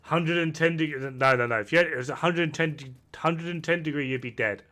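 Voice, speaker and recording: A man's voice: fairly high pitch, fairly quick, pushed and bright. Rowdy tipsy man streaming. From United Kingdom. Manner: rowdy, swearing, self-mocking banter. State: tipsy from whiskey. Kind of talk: casual stream chat. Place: home room, camera off.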